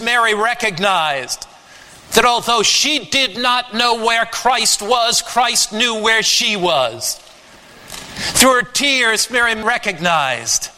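A man preaching a sermon, slow and emphatic, with dramatic rises and drops in his voice. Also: high voice, pushed and bright, in a large hall, rough recording.

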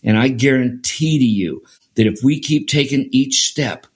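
A man's voice: mid-range voice, a little slow. A man guest in an interview, telling a personal story in an earnest way and repeating phrases for emphasis. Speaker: podcast guest.

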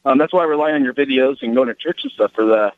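A man's voice: mid-range voice, no room sound. Polite young man on a tinny phone line. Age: 20s. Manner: polite, halting, says sir. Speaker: caller, college student. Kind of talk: call-in question on radio.

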